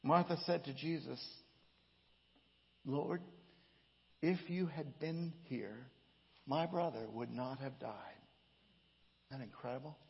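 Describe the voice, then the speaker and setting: A pastor with a fairly high, husky voice and vocal fry preaches a sermon in a dull, echoey hall. He reads scripture slowly and emphatically, adding his own dramatic inflection.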